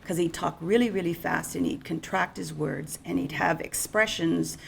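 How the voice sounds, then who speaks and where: A woman's voice: fairly low pitch, moderate pace, gravelly, a little hiss or hum. A middle-aged woman giving an unscripted, conversational conference presentation on insurance. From Canada.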